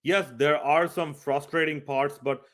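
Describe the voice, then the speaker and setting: A man's voice: a little high, steady tone, unhurried, fairly bright tone. A man reviewing a video game, speaking earnestly and emphatically straight to his viewers. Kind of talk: scripted review talk.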